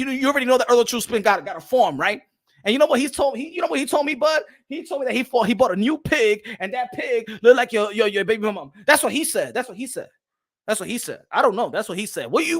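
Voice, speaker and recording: A high-pitched man with a bright, sharp voice rants loudly about boxing as a channel host. He repeats himself often and tosses in "huh?" between lines. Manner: loud, repetitive, trash-talking, keeps asking "huh?". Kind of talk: casual rant to camera.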